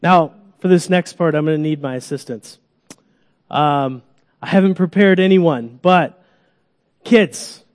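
A man preaching a sermon to a congregation in a church, animated, acting out groans and cries, coaxing children up for an illustration. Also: fairly high pitch, long reverb tail. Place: church sanctuary.

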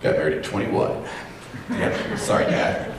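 Pastor preaching in a very echoey hall. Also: male voice, unhurried. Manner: storytelling, self-deprecating humor. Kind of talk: sermon. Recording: very echoey hall, distant mic, faint noise.

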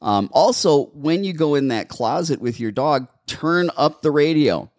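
Lively-voiced male dog trainer. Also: on the high side, a little slow, no echo, studio quality. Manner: animated, instructive, repeats steps. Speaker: dog behaviorist, podcast host. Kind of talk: casual advice chat.

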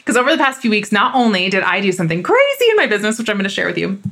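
A woman in her thirties hosting her own podcast. She talks straight to the listener in an emphatic, fired-up way, candid and a little loud at times. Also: medium pitch, big pitch swings, racing. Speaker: podcast host. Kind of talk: solo podcast monologue.

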